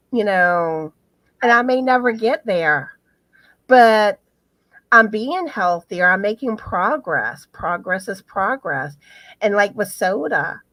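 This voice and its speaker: Woman co-host, slow rambling casual chat, dry close sound, lots of fillers. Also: medium pitch, a bit bright, dry recording. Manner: rambling, many fillers and restarts. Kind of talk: casual chat on a live stream.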